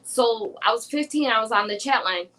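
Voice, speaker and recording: A woman's voice: on the high side, normal speed, low-quality recording. A woman around forty, chatting casually as a guest and telling stories with frequent laughter. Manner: giggly storyteller, laughs often, animated retelling. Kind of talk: casual chat.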